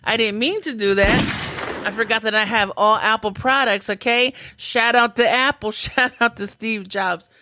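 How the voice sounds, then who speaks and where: A woman's voice: a little high, fairly even intonation, a little slow, noisy background. A young adult woman hosting a comedy podcast, telling stories in a chatty, self-mocking way. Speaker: podcast host. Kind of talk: comedic storytelling.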